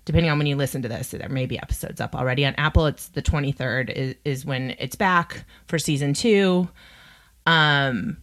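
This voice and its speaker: A woman with a low, chatty voice talks through her latest recommendations. Her delivery is wry and loose, with fillers and side remarks throughout, in the easy manner of a podcast host. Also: moderate pace, fairly bright tone. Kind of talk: casual chat.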